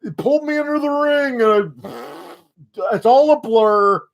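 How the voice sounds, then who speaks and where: A man voicing a self-pitying, indignant male wrestler in a high, complaining tone. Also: animated, a little slow, creaky, dull audio, a little hiss or hum, heavily acted. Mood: whiny.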